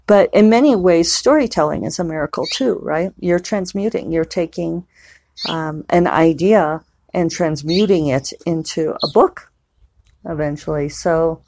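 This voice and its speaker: A woman's voice: deep voice, a little slow, a little mellow, a little hiss or hum. A woman novelist chatting casually at home in a rambling, digressive way, with plenty of fillers. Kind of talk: casual vlog chat.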